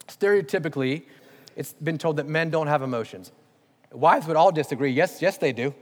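A man preaching a sermon, conversational and emphatic, putting direct questions to his congregation. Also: a little high. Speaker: pastor. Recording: long hall reverb.

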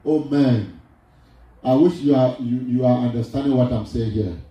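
A man's voice: medium pitch, moderate pace, highs cut off. A man preaching a sermon, repeating his lines for emphasis in a sing-song cadence. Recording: distant, very echoey hall with faint music.

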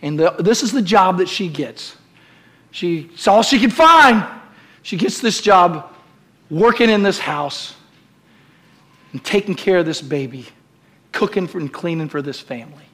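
A man preaching a sermon as pastor, calling out to the congregation and building to shouted climaxes in a church. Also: high voice, expressive, measured pace, long pauses. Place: church sanctuary.

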